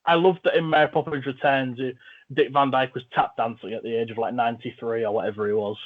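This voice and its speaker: A man's voice: mid-range voice, flat delivery, quick pace. A man hosting a podcast, chatting about films in an enthusiastic, jokey way. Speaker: podcast host. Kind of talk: casual film chat. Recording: phone-like narrow audio.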